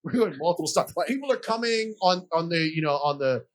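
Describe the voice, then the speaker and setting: A young man co-hosting a podcast, telling a story in casual chat, animated, laughing and swearing freely. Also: fairly high pitch, brisk. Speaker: podcast co-host.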